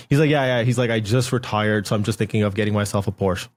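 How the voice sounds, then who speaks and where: A man hosting a podcast in casual chat, enthusiastic and reacting quickly. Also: lowish voice, fairly even intonation. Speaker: podcast host.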